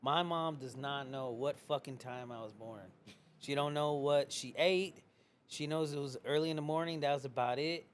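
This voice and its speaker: A man's voice: fairly high pitch, moderate pace, slight background noise. A man talking as a podcast guest in loose, rambling casual chat, joking and swearing now and then.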